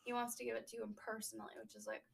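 A young woman co-hosting a casual book podcast, recapping a chapter and riffing with quick asides. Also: a little high, flat delivery, vocal fry, recorded from a distance, poor audio. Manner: chatty, recaps then riffs with quick asides. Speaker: book discussion podcast host.

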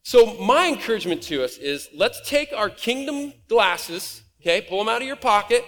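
A man from Nebraska preaching a conversational, animated sermon from a church stage. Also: high voice, a little slow. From Nebraska, USA. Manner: conversational and animated, acts out quoted voices. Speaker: pastor. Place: church auditorium. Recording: reverberant hall.

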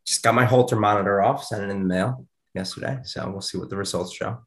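A man's voice: fairly low pitch, fast. A man chatting casually on a podcast over a video call, rambling with lots of fillers. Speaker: podcast co-host. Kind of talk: casual chat. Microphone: video call mic.

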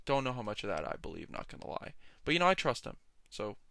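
Young male podcast host, rambling jokey rants, smooth voice, dry close sound. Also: mid-range voice, sing-song, quick pace, sharp tone, no room sound. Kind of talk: casual solo podcast monologue.

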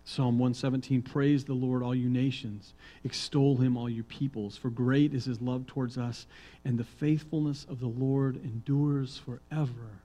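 A male pastor preaches a sermon, reading psalms aloud and swinging from hushed, quiet reading to loud, emphatic proclamation. His mid-range voice has a flat delivery at normal speed, and the audio quality is poor.

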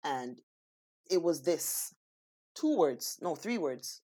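A woman co-hosting a casual talk, telling stories in an animated way and acting out what people said. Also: low-pitched, slow, breathy edge. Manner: animated storyteller, acts out quotes. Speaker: co-host. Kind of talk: casual chat.

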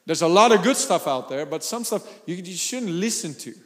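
A pastor preaching a sermon, animated, laughing and shouting for emphasis. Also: male voice, high voice, normal speed, long reverb tail.

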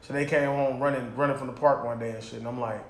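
A man's voice: mid-range voice, fairly even intonation, fast, reverberant. A man who is a parent, talking bluntly and with profanity in a casual chat. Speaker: podcast co-host, parent.

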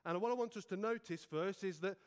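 A man's voice: high-pitched, brisk. A man preaching a sermon at an evening church service. He speaks earnestly and humbly, restarting his phrases, and admits to being nervous. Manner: earnest, self-effacing, with frequent restarts. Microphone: stand mic.

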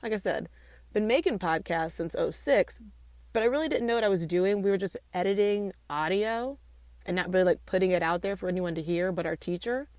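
A woman's voice: on the low side, darkish tone, no room sound. Chatty woman podcast host, dry sound. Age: late 20s. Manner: chatty, playful, self-joking with quick asides. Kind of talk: casual solo podcast monologue. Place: small home studio room over a garage.

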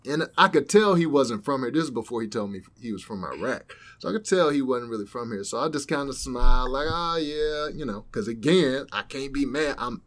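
A man's voice: mid-range voice, expressive, fairly quick, hardly any pauses. A man hosting a podcast, telling a story in a rambling, laid-back way. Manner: rambling, laid-back, many fillers and asides. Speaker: podcast host. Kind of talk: casual storytelling chat.

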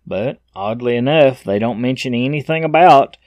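A man's voice: medium pitch, animated, moderate pace, a little mellow, no room sound, dull audio. A man in middle age giving casual commentary on news headlines, reading each item aloud and then adding blunt, opinionated asides.

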